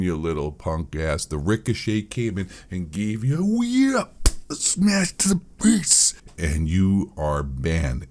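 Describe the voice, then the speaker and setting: A man's voice: low-pitched, darkish tone. A man giving a profane, mocking, rambling rant as a gaming commentator. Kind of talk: ranting commentary.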